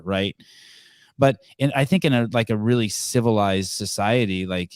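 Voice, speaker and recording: A man's voice: mid-range voice, expressive, brisk, no echo. A man hosting a call-in podcast, talking casually with many restarts and repeated words. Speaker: podcast host.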